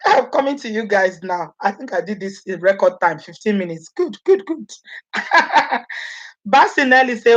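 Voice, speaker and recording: A woman's voice: medium pitch, moderate pace, highs cut off. A woman from Nigeria with a Nigerian accent, chatting animatedly to her viewers, laughing often and acting out what people say. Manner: animated, laughing often, acts out quoted speech. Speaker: vlogger. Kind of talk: casual chat to live viewers.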